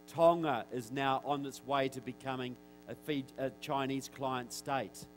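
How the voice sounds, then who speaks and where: A man with a New Zealand accent giving a direct, forceful speech to an audience in a church, with wry asides. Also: medium pitch, steady tone, a little slow, faint music behind, poor audio. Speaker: guest speaker. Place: church hall.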